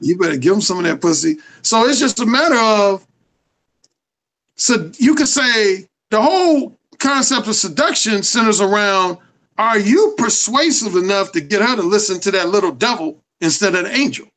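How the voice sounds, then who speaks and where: A man's voice: sits high, expressive, moderate pace, a bit bright, low-quality recording. A man being interviewed as a dating coach, lecturing emphatically and swearing freely. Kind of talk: casual interview.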